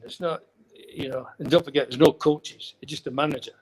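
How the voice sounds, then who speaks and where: A man's voice: a little high, moderate pace, poor audio. Older Scottish man telling stories. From Scotland. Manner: rambling, anecdotal, with chuckles. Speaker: guest, former footballer. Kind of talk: casual storytelling.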